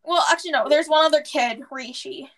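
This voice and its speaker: High-voiced sarcastic teenage girl. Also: fairly quick, a bit bright. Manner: sarcastic, joking. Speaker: podcast co-host. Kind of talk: casual chat.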